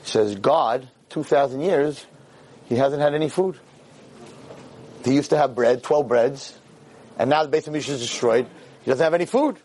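A man telling a story in a lecture, animated and acting out the characters' voices. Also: medium pitch, normal speed, pauses often, husky.

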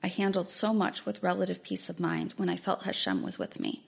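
Gravelly husky woman reading a memoir. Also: on the low side, very animated, a little fast. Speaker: memoir narrator. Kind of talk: first-person memoir reading.

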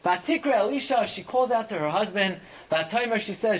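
Animated verse-by-verse Torah teacher. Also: medium pitch, brisk, rough recording. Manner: reads Hebrew phrases and translates each into English; dramatic, swings sharply up for emphasis. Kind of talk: verse-by-verse Bible class.

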